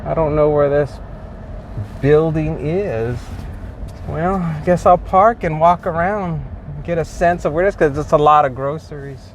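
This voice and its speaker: A man's voice: a little high, a little slow. A man talking casually to camera while out on delivery runs, chatty and full of fillers and chuckles, recorded inside a car. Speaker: delivery driver vlogger. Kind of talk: casual ride-along narration. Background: faint car and street noise.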